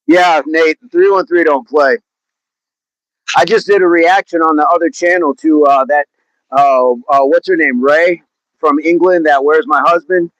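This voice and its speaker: A man's voice: a little high, measured pace, a bit bright, no room sound, low-quality recording. A man from Oklahoma chatting casually on a livestream, reading viewer comments, laughing and talking about music and movies. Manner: chatty, laughs often, slips into put-on accents. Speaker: livestream host.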